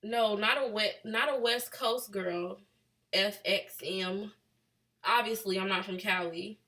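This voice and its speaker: A woman's voice: medium pitch, steady tone, slow, fairly bright tone. A young woman from Chicago with a Chicago accent, chatting casually with a live chat, reading out questions and laughing. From Chicago, USA. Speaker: vlogger answering live chat.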